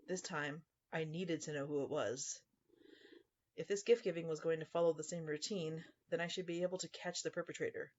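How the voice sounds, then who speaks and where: A man's voice: a little high, fairly even intonation, fairly quick, muffled recording. A man narrating a scripted first-person horror story in a dry, sarcastic tone.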